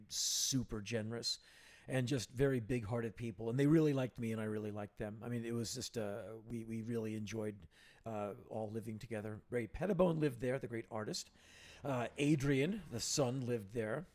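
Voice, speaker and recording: Speaking a little fast at a medium pitch, a middle-aged podcast co-host shares laid-back anecdotes, turning lively each time he repeats what others said.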